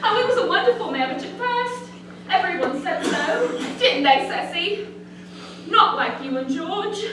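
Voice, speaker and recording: A woman's voice: very high-pitched, animated, unhurried. An actress playing a gushing, sentimental woman in a stage play. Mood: weepy. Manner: gushing, effusive. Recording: echoey theater, mic far off, very noisy.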